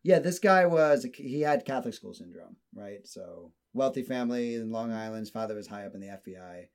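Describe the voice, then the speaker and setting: Guy telling a rambly profane story, mid pitch, acts out the quotes. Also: lively intonation, fairly quick, clear, resonant tone. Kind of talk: casual storytelling chat.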